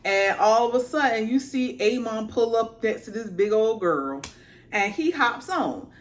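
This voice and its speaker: A woman's voice: on the high side, measured pace. A woman reviewer giving a casual, slangy episode recap, acting out the characters as she goes. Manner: animated, slangy storytelling with acted-out asides. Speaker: TV show reviewer.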